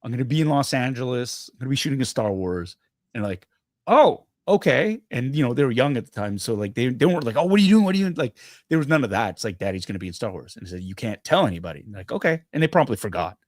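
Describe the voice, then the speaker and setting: Animated middle-aged man telling stories. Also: medium pitch, fast talker, no room sound, studio quality. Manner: animated storyteller, acts out quotes. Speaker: guest actor. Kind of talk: casual chat on a live stream.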